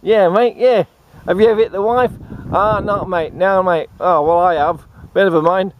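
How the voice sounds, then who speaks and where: A man putting on a crude Aussie bloke at a club, loud and broad in his accent. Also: high voice, fairly even intonation, normal speed, muffled recording, slight background noise, close to an everyday voice. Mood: boisterous. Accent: broad Australian.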